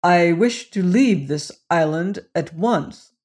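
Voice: medium pitch, lively intonation, moderate pace, a little mellow. A reader voicing a firm, resolute male big-game hunter in an audiobook, speaking in clipped refusals. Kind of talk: audiobook character reading.

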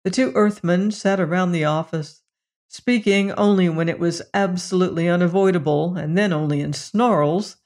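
An audiobook narrator reading a science fiction story in a measured, even way. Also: mid-range voice.

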